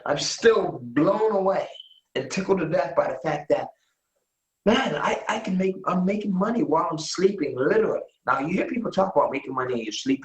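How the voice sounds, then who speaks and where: An enthusiastic man giving a live webinar sales pitch, his voice sitting at an ordinary pitch. He keeps asking "right?" to check in with his audience. The room around him has a noticeable echo. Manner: enthusiastic, repeats "right?" often. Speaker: webinar host.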